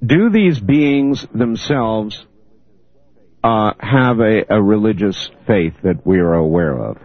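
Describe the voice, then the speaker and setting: Male radio host fielding callers, calm and measured, dry dull lo-fi broadcast sound. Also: on the low side, no echo. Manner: steady, measured, moderating callers. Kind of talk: late-night call-in radio hosting.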